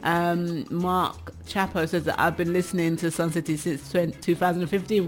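An English-accented woman hosts a radio show, reading out news items and chatting about them with frequent laughter. Her voice is lowish with fairly even intonation at a normal pace, and faint music plays behind her.

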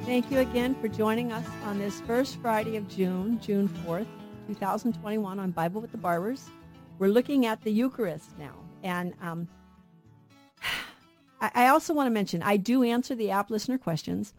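A woman's voice: mid-range voice, normal speed, darkish tone, faint music behind. A middle-aged woman co-hosting a Catholic radio Bible show, teaching earnestly and asking rhetorical questions.

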